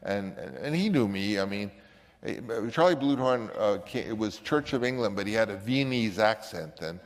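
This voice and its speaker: An older man with a lowish voice tells a story in an animated way, now and then slipping into other people's voices. A long reverb trails after his words. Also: normal speed. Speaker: filmmaker recounting a story. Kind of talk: anecdotal storytelling.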